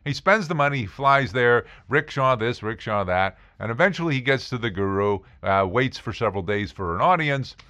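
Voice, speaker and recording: A middle-aged man hosting a podcast, telling stories in a sarcastic, animated comic monologue. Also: medium pitch, normal speed, few pauses. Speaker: podcast host. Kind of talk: comedic monologue.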